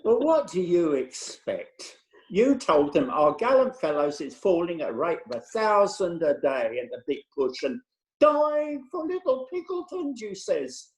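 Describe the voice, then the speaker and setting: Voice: medium pitch, sing-song, unhurried. Someone doing a cheeky old clerk, dry comebacks, voice goes up and down a lot, echoey room. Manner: dry, cheeky, laconic backtalk. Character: sly, insolent old male town clerk. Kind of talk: comic stage reading.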